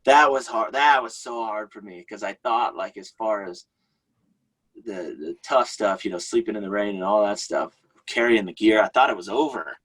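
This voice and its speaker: A man with a slightly husky, low voice tells a story as a podcast guest. He is chatty and laughs often, keeping the talk casual. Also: normal speed, fairly bright tone, low-quality recording.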